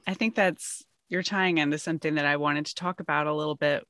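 A woman's voice: deep voice, steady tone, brisk, fairly bright tone, no room sound. A woman hosting a casual podcast chat, asking candid, self-reflective questions.

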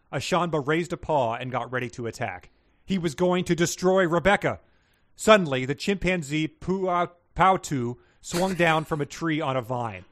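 A man's voice: fairly high pitch, fairly bright tone, dry recording. A man co-hosting a podcast, chatting casually and reading book passages aloud with laughing asides. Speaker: podcast co-host.

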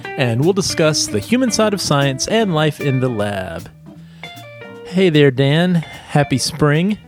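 A man's voice: fairly high pitch, sing-song, slow pace, faint music behind. A man with a stuffy nose, co-hosting a podcast in casual, joking chat. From United States. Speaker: podcast co-host.

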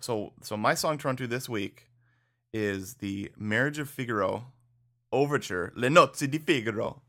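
A man's voice: mid-range voice, normal speed, bright, forceful tone. A man co-hosting a podcast in casual chat, laid-back, laughing often and saying "dude" and "like". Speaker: podcast co-host.

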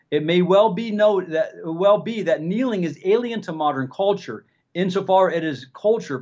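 A man co-hosts a talk show and earnestly reads passages aloud. His voice is high for a man. The sound is dull and lo-fi. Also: darkish tone. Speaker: co-host. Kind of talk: casual talk show discussion.

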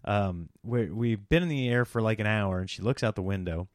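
A man's voice: fairly low pitch, a little fast, dry recording, clean studio sound. A man hosting a podcast, telling stories in casual chat and acting out the people in them. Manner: animated, does mocking voices of people in his stories. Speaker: podcast host.

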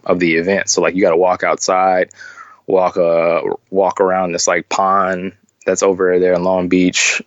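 A man chatting casually on a podcast, telling stories in a rambling, halting way with many restarts. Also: low-pitched, completely flat delivery, dry recording, highs cut off. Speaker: podcast guest, sneaker collector. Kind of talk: casual chat.

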